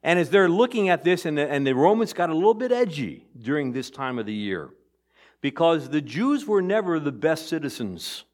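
Man preaching, loud to hushed. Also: fairly high pitch, sing-song, normal speed. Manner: conversational preaching that swings between loud emphasis and quiet asides. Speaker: pastor. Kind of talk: sermon.

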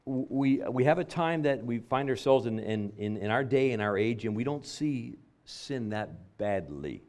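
A man's voice: medium pitch, animated, moderate pace, darkish tone. Man preaching with emphatic repetitions. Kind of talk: sermon.

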